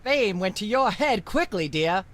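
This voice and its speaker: A woman's voice: mid-range voice, animated, a little slow, lightly acted. A woman voicing a haughty, condescending female talk show host in a video game, talking in a prim, lecturing way.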